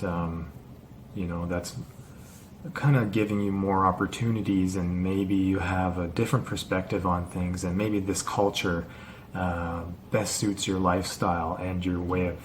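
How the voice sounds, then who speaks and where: Casual vlogger, male, lowish voice, halting off-the-cuff delivery full of fillers. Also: slight background noise. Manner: rambling, halting, many fillers and restarts. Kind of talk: casual unscripted vlog talk.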